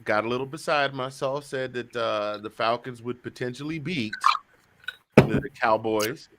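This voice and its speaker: A man's voice: medium pitch, normal speed, heavy background noise. A man hosting a casual sports talk show, chatty and joking, often repeating himself. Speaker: show host.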